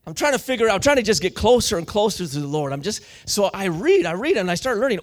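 A man preaching a sermon with fervor, slangy and full of restarts, often building up to shouting. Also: sits high, big pitch swings, quick pace, hardly any pauses.

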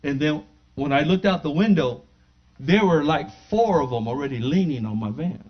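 A man giving a spoken testimony in church, animated and acting out the dialogue as he tells it. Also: a little high, normal speed. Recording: dull lo-fi recording.

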